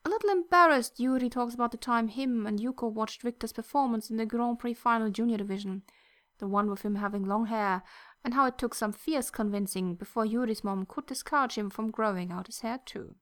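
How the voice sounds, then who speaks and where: A woman narrating a fan fiction story in a soft, gentle reading voice that at times drops close to a whisper. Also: fairly high pitch, brisk.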